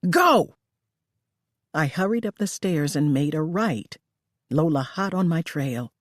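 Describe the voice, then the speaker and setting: An audiobook narrator reading a first-person thriller in a measured storytelling way. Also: medium pitch, no echo. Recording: dry close recording.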